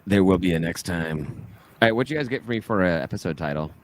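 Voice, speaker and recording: A man's voice: low-pitched, expressive, fast, a little hiss or hum. A man co-hosting a podcast, chatting casually and laughing easily. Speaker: podcast co-host. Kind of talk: casual chat.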